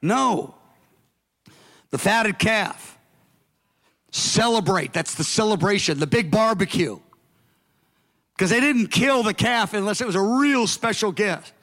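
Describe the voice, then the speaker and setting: A man preaches to his congregation, his voice pitched high for a man. He slows right down and stresses the words when he speaks the characters' lines. The sound rings out with the long reverb of a large hall. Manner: animated preaching, acting out the father's words slowly and emphatically. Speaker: pastor. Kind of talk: sermon.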